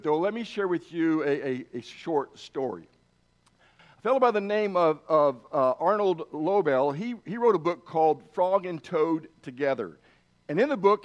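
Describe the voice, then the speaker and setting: Conversational male pastor, high voice. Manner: conversational, with frequent fillers and restarts. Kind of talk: sermon.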